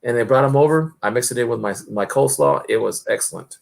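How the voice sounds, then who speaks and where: An American man chatting casually as a guest, meandering and halting with lots of pauses. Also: medium pitch, creaky. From United States. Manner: meandering, halting with many uhs. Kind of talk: casual chat.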